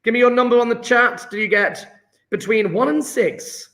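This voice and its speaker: A man's voice: very high voice, moderate pace, a bit bright. A male chemistry teacher giving a live online exam-prep lesson, working sums aloud in an upbeat, chatty way and praising his students.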